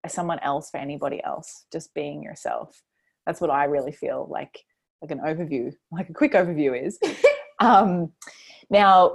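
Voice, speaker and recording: A woman hosting a podcast interview, affirming her guest in a casual, filler-heavy way. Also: on the low side. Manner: warm and affirming, full of fillers. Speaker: podcast host.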